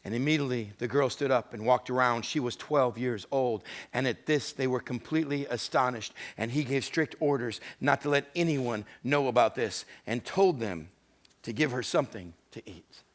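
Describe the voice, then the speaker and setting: A male pastor delivering a sermon, retelling scripture stories with acted-out voices, moving between hushed, intimate moments and loud, emphatic ones. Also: mid-range voice, moderate pace. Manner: dramatic storytelling, acting out voices of scripture figures.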